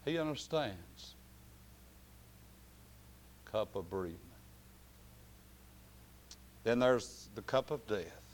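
A man preaching a sermon, dropping to quiet, drawn-out phrases and then rising to loud shouted climaxes. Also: lowish voice, expressive, slight background noise.

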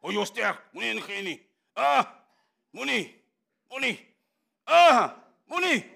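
A man's voice: extremely high pitch, sing-song, measured pace, gravelly, sharp tone, heavily acted. A man doing the enemy's goading voice. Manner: goading, urgent. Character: taunting male voice of the enemy.

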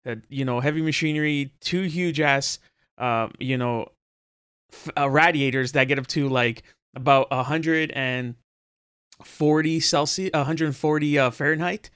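A man's voice: a little high, unhurried, a bit bright, smooth, dry recording, studio quality. A man co-hosting a podcast in casual chat, laid-back and joking, talking with fillers. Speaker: podcast co-host.

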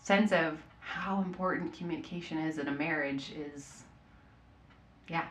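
A woman's voice: low voice, unhurried, roomy sound, crowd noise. A woman in her thirties, a podcast guest telling stories in casual chat and acting out what people said. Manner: animated storytelling, acts out quotes.

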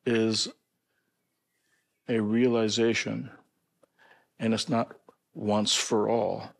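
A man who is an archbishop, a podcast guest chatting casually about faith and telling anecdotes with chuckles and halting restarts. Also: lowish voice, flat delivery, creaky. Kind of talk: casual spiritual chat and anecdotes.

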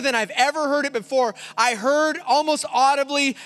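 A middle-aged male pastor preaching a sermon to a congregation, telling a personal story and rising to forceful emphasis. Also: extremely high pitch, normal speed, hardly any pauses, soft background music. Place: church before a congregation.

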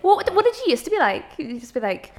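A woman's voice: high-pitched, very animated, crowd noise. A woman hosting a casual podcast chat, teasing her guest and asking follow-up questions. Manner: teasing, quick to laugh and to ask follow-up questions.

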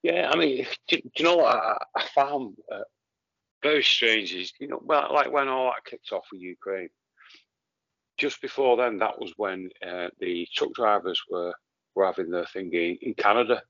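A man hosting a podcast in casual conversation, halting and restarting with fillers as he jumps in. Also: fairly low pitch, vocal fry, a bit bright, dry recording, lo-fi sound. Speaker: podcast host.

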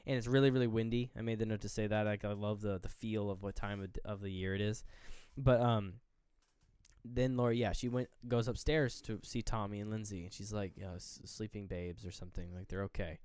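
A man co-hosting a podcast, retelling a horror film with lively, acted-out quotes and casual swearing. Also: lowish voice, a little fast, smooth, no room sound, studio quality. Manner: animated retelling, acting out characters' lines; swears freely. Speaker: podcast co-host. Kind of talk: casual movie recap.

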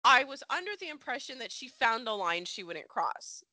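A woman co-hosting a podcast in casual chat, animated and laughing often, saying "like" a lot. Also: a little high, moderate pace, dry recording. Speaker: podcast co-host. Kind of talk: casual chat recapping a soap opera.

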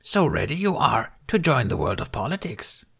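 A man's voice: mid-range voice, very animated, moderate pace, creaky, fairly bright tone, husky, voice pushed up, exaggerated voice. A man voicing an ancient, small, wise male Jedi master who speaks with inverted word order in a fan fiction reading. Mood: teasing.

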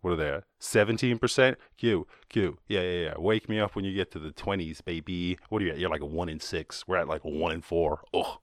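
A man's voice: sits low, a little fast, few pauses, no echo, clean studio sound. An Irish man hosting a podcast, rambling through casual solo commentary, jokey and full of swearing. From Ireland. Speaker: podcast host.

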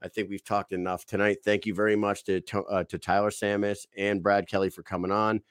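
A man hosting a podcast, telling a story in excitable, profane casual chat. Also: lowish voice, a little fast, clear, resonant tone, dry recording, clean studio sound. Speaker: podcast host.

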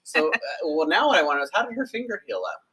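A man hosting a casual podcast interview, asking questions hesitantly with many stumbles and quick laughs. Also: a little high, sing-song, bright, forceful tone, breathy edge, low-quality recording. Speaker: podcast host.

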